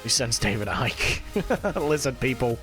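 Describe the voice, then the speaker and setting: A man talks easily with his stream chat as he plays, his voice sitting at a middle pitch. He chats loosely and swears casually. Faint music plays underneath. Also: animated, a little slow, fairly bright tone. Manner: chatty, swears casually, reads and answers chat while playing.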